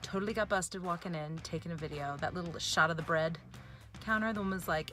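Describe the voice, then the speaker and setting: An American woman vlogger chatting to camera in a casual, animated way, full of jokes and sassy asides. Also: on the low side, fast talker, faint music behind. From United States.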